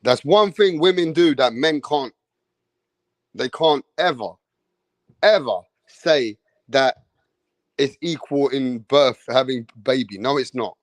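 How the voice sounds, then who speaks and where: A man giving a profane, slangy, animated rant as a boxing commentator on a live stream. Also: medium pitch, takes it slowly, pauses often, no echo.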